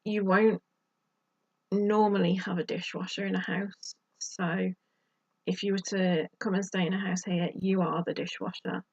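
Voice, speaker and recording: Female vlogger, husky and dry-sounding, slightly muffled home recording. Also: medium pitch, level tone, measured pace, dry recording. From United Kingdom. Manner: chatty, exasperated asides. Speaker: YouTube vlogger. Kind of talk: casual advice to camera.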